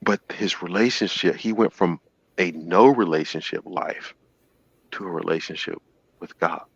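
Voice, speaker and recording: A man hosting a call-in show, retelling a story in an animated, sermon-like way and acting out the quotes. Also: sits low, normal speed, vocal fry, husky, no room sound, highs cut off.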